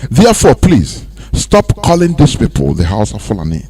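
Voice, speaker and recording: Nigerian man, radio host, lively up-and-down pitch, animated talk with pidgin asides. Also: normal speed, breathy edge.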